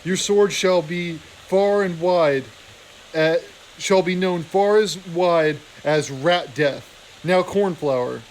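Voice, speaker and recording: Soft fatherly old abbot mouse, storybook reading, a guy doing it in a higher voice. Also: takes it slowly, a little hiss or hum, low-quality recording. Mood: tender.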